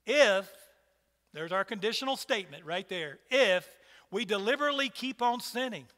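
High-voiced man preaching emphatically. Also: lively intonation, normal speed, sharp tone, big-room sound. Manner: emphatic, repeats rhetorical questions to the congregation. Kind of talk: sermon. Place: church hall.

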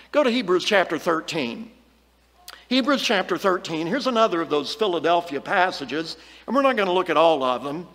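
A male preacher with a high, fairly bright voice teaches a Bible lesson earnestly and emphatically, reading scripture aloud with rising stress on the key words. A long, trailing reverb surrounds his voice.

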